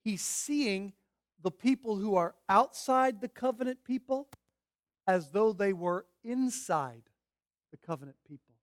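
A man preaches a sermon in a high, bright-sitting voice. He drops to quiet, earnest pleading, then builds to loud, emphatic declarations. The sound is dry and close, with no room echo.

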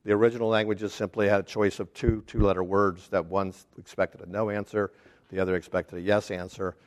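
A man teaching a casual Bible study class, talking haltingly with restarts and putting questions to the group. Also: lowish voice, little pitch movement. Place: church classroom.

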